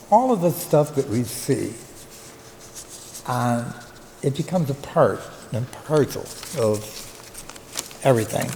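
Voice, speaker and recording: An older man, a local historian and retired teacher, gives a reflective conference talk, pausing with fillers as he tells stories. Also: medium pitch, a little mellow. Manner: reflective storyteller, halting with fillers. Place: conference hall. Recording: echoey hall, faint room noise.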